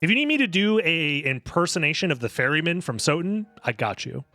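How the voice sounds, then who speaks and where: A young man casually commentating a live video game tournament in a rambling, jokey, excitable way. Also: fairly high pitch, brisk, no echo, soft background music.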